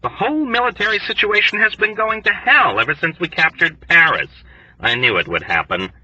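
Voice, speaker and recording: A man's voice: high voice, lively intonation, a little fast, sharp tone, breathy edge, dry recording, highs cut off, voice pushed up, full character voice. A man putting on a whining self-pitying army doctor. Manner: whining, mournful, complaining.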